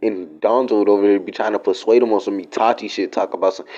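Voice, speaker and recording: A man's voice: fairly low pitch, fairly even intonation, fast talker, mellow, highs cut off. A man telling a made-up story in a rambling, slangy, profane way. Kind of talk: casual fan-fiction storytelling.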